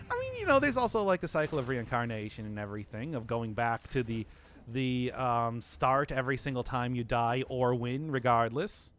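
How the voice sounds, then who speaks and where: A man's voice: mid-range voice, a bit bright, slight background noise. A man rambling through casual gameplay commentary, laughing often and mocking himself, his voice groggy from not having talked all day. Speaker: streamer.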